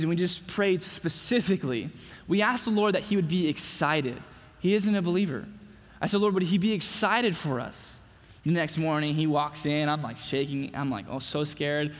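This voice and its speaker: A man's voice: high voice, fairly bright tone. A man preaching a sermon and sharing a personal testimony, speaking earnestly and often repeating his words as he goes. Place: church sanctuary. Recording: long reverb of a church hall.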